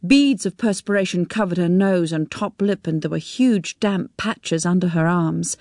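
A woman narrating a story in a measured, expressive storytelling manner. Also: lowish voice, dry recording, studio quality.

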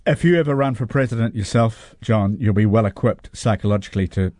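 A man's voice: lowish voice, brisk, a little mellow, no echo, clean studio sound. A man hosting an interview, asking brief questions of his guest. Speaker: interviewer, host.

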